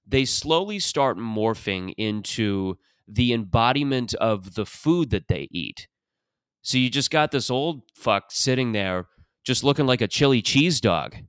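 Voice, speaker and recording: A man's voice: medium pitch, fairly bright tone, smooth, dry recording, clean studio sound. A man from Canada hosting a comic monologue, who rambles and swears and fills his talk with "like" and "uh". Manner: rambling, profane storytelling with many fillers. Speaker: podcast host. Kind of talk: comedic monologue.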